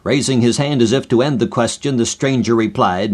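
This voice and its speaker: A male radio preacher tells a story in a steady, measured voice. His pitch sits in the middle, and his delivery stays even throughout. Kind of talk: old-time radio sermon storytelling.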